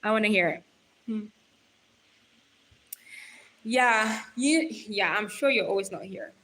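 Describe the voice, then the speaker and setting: A bright, clear-toned young woman chats into her phone during a casual livestream, reading out viewer comments one after another. She talks straight to her viewers in a loose, giggly, rambling way. Her voice sits a little high for a woman. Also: moderate pace, pauses often, low-quality recording. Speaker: livestream host.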